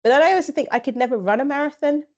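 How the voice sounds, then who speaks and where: A woman's voice: high-pitched, rapid-fire, darkish tone. Chatty woman runner on a lo-fi line. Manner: chatty, acts out quoted exchanges, laughs often. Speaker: ultrarunner guest. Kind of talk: casual podcast chat.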